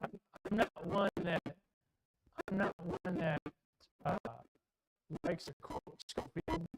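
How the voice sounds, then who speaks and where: A man's voice: high-pitched, slow, loud music behind the voice, low-quality recording. A man preaching a sermon in a church, with an emphatic, repetitive cadence. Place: church sanctuary.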